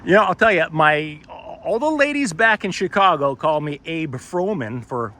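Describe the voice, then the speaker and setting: A man doing on-camera commentary while filming in public, sarcastic and wry, halting with many fillers. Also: on the high side, lively intonation, pushed and bright. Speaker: first amendment auditor filming in public. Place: public sidewalk outdoors. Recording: outdoor street noise. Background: street and traffic noise.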